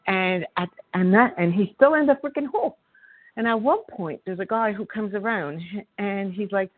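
A woman's voice: medium pitch, normal speed, dry recording. A woman from Montreal sharing her recovery story at a meeting, heartfelt, acting out the voices of a story she tells. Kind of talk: personal recovery share. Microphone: phone call. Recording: tinny phone line.

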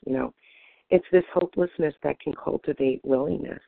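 Gravelly-voiced woman sharing over a phone line. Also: low-pitched, brisk, no room sound. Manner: reflective, calm, frequent ums. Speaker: meeting member sharing. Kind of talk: personal share at a recovery meeting.

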